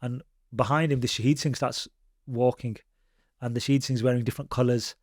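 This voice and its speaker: A man's voice: medium pitch, fairly even intonation, brisk, no room sound, studio quality. A man, a Sikh preacher telling stories in conversation and mixing Punjabi phrases into his with frequent restarts. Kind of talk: conversational storytelling.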